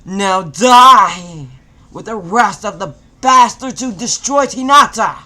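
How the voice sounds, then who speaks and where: A man's voice: a little high, animated, slow pace. A man doing an enraged young ninja hero. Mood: furious. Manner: menacing, then screaming with rage.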